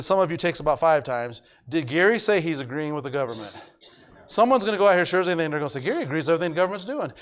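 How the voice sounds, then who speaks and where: A middle-aged male pastor preaching a sermon emphatically, repeating his points and checking that the congregation follows. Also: fairly high pitch. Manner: emphatic, repetitive, asks the congregation if they follow.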